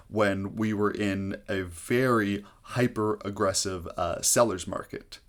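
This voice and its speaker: A man with a somewhat low voice teaches housing market math to his viewers. He breaks it down step by step in a clear, explaining tone. He often pauses on "uh" as he goes. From Canada. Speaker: real estate agent explaining market math. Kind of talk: explainer video to camera.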